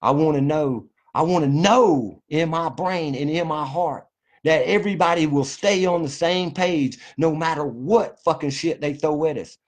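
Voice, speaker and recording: A man with a drawl speaks straight to his audience in a fervent, preachy monologue. He is folksy and profane, and his voice sits a little higher than most men's. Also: normal speed. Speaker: vlogger. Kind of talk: impassioned monologue to camera.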